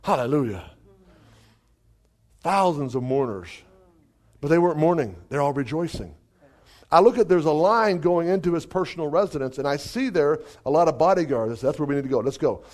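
A male preacher telling a testimony in a sermon, lively and dotted with hallelujahs and chuckles. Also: fairly high pitch, fairly quick. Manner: animated, exclamations of hallelujah, chuckles.

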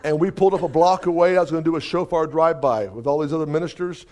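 A male preacher telling a testimony in a sermon, lively and dotted with hallelujahs and chuckles. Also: fairly high pitch, fast, some chatter behind. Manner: animated, exclamations of hallelujah, chuckles.

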